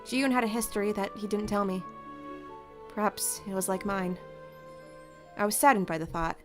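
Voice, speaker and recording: A woman's voice: mid-range voice, normal speed, soft background music. A woman streaming a let's play, reading a story game's text aloud in the first person and reacting with her own comments. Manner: animated, exclaims and laughs at the story.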